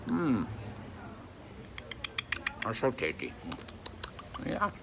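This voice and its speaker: Gravelly man cooing to his parrot. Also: low voice, very animated, measured pace, heavy background noise. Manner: coaxing, sing-song pet talk with playful questions. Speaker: pet parrot owner. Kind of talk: affectionate talk to a pet bird.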